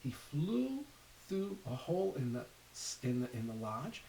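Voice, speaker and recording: This read-aloud features a man with a creaky, mid-range voice going a little slowly through a picture book for children, animated and breaking off to ask them questions. There's faint hiss, with the mic a little distant.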